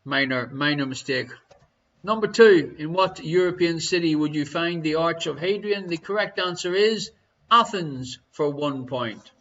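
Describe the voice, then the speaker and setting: Irish guy running a home quiz stream, high bright voice, kinda dull lo-fi sound. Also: lively intonation, unhurried. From Ireland. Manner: jokey, chatty, reads out answers. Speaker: quiz show host. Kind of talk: live online pub-style quiz. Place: living room at home.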